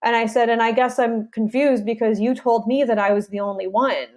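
A woman's voice: fairly high pitch, a little fast. Young woman animatedly retelling her story. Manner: animated retelling, acting out her side of conversations. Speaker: interview guest. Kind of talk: casual personal storytelling.

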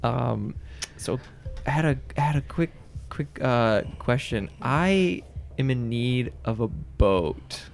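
A man's voice: mid-range voice, animated, slow pace, creaky, a little hiss or hum. A man role-playing a priest in a tabletop game, talking hesitantly with many restarts. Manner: hesitant, lots of fillers and restarts. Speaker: player voicing a priest.

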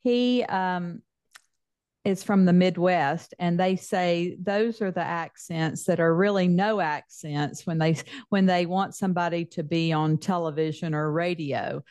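An older woman with a Mississippi Southern accent, an author guest telling stories in a relaxed interview. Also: fairly low pitch, unhurried, no echo, clean studio sound. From Mississippi, US Deep South. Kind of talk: casual interview chat.

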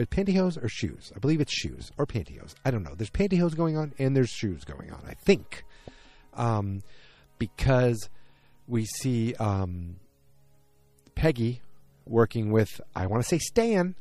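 Outdoors, a man with a warm, medium-pitched voice casually recaps a TV episode. He rambles, corrects himself, and acts out the characters' lines.

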